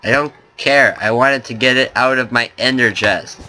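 Young male gaming host, very bright voice, excitable, joking, casual commentary. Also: medium pitch, normal speed, slight background noise.

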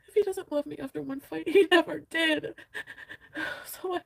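A woman's voice: very high voice, moderate pace, creaky, no room sound. A woman talking frankly to her vlog viewers, rambling and filling her speech with "like" and swearing. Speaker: vlogger. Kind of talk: candid vlog talk.

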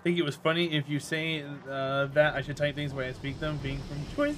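A man's voice: fairly high pitch, animated, a little fast, a bit bright, a little hiss or hum. A man with a North Carolina Southern accent, chatting and teasing viewers playfully while live-streaming a game. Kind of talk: live-streamed gameplay chat.

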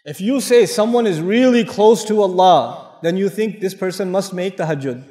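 A man giving an animated sermon, asking the audience rhetorical questions and reciting Arabic verses. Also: high voice, moderate pace, few pauses. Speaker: Islamic lecturer. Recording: echoey hall with long reverb.

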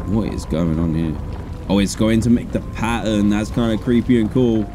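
A man giving excitable let's play commentary on a horror game, with sudden high yelps. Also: normal speed, music in the background. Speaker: gaming streamer.

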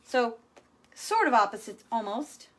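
A woman's voice: on the high side, sing-song, unhurried, a bit bright. A woman hosting a live furniture painting demonstration, chatty and playful as she talks viewers through each step.

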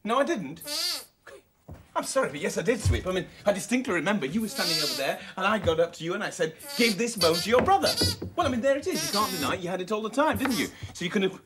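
Lady children's tv host chatting to puppets, bouncy animated delivery, playful scolding. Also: medium pitch, fast, background noise. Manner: excitable, exclaiming, playful scolding. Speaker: children's TV presenter.

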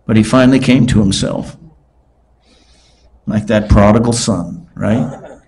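A man in his sixties preaching a sermon in a slow, emphatic way. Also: lowish voice, steady tone, a little mellow. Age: 60s.

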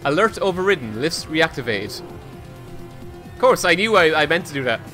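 A man streaming himself playing a video game. He gives casual commentary in an excitable, self-mocking way and swears often. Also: fairly high pitch, moderate pace, music in the background. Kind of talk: casual let's-play commentary.

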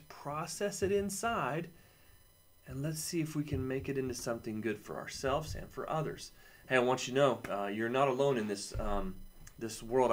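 Man, 30s, kids' camp teacher; encouraging, upbeat, speaks directly to the kids. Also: medium pitch. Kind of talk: friendly lesson to kids.

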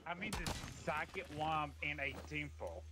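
A man's voice: a little high, expressive, moderate pace. A man playing a game alongside a friend, hesitant and rambling with lots of ums. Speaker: co-player. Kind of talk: casual gaming chat.

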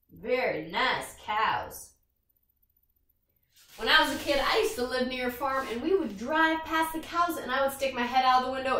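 A woman's voice: fairly high pitch, a bit bright, roomy sound, recorded from a distance. A woman leading a yoga class for young children, cheerful and sing-song, making animal sounds with them. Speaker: kids' yoga instructor. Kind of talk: guided kids' yoga class.

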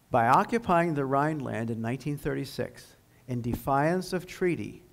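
A man giving a history lecture at a high school, telling the story in an earnest, emphatic way. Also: gravelly, poor audio. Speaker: guest lecturer.

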